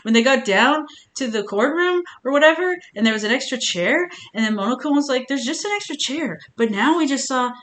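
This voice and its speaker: A woman's voice: high voice, lively intonation, fairly quick, hardly any pauses, fairly bright tone. A woman streamer chatting casually on a live stream, rambling with many restarts and sounding earnest and emotional.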